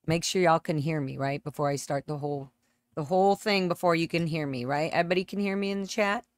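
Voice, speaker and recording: A woman's voice: sits low, fast, dry recording. A woman hosting a casual livestream from home on a close microphone, chatting and greeting viewers by name. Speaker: livestream host. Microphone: close desk microphone.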